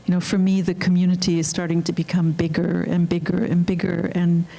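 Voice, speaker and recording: A woman speaking as a film director on a panel, earnest and halting, with frequent restarts. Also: on the low side, completely flat delivery, gravelly, mellow. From Canada. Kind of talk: reflective panel talk. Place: auditorium.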